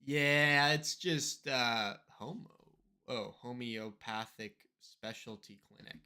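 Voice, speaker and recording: A man's voice: mid-range voice, takes it slowly, sharp tone, smooth. A male streamer casually commenting on a game live, swearing and thinking aloud.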